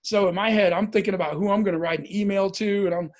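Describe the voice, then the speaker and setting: A man from the US Midwest telling a personal story in casual speech, animated and acting out the voices as he goes. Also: sits high, quick pace, hardly any pauses.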